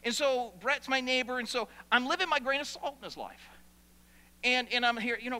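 A man preaching a sermon as pastor in a church, animated and playful with asides to the congregation. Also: extremely high pitch, fairly quick, clear, resonant tone. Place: church sanctuary. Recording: long hall reverb.

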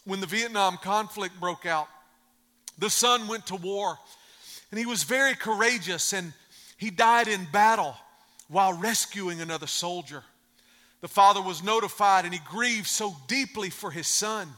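A pastor preaches a sermon in a high-pitched, pushed, bright voice, speaking a little slowly. He tells a story and drives home his points emphatically by repeating phrases, the long reverb of a large hall surrounding him.

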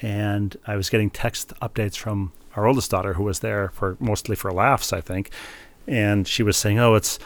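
A man's voice: fairly low pitch, steady tone, moderate pace. A man in his forties co-hosting a casual chat, telling family stories with dry teasing. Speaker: co-host.

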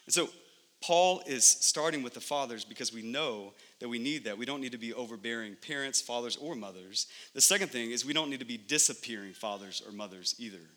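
A man in his thirties preaching a sermon as pastor, animated and conversational, acting out little scenes at home. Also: mid-range voice. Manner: animated, acts out scenes in lively voices. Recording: long hall reverb.

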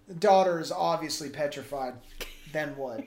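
A man's voice: on the high side, moderate pace, darkish tone. A man co-hosting a comedy podcast, casually spinning a crude, gory improvised story. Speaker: podcast co-host. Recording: roomy echo with faint background noise.

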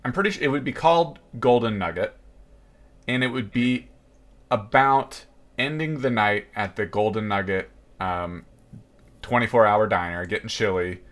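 A man co-hosting a podcast, talking in a relaxed, hesitant way. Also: on the low side, normal speed. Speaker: podcast co-host. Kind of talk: casual chat.

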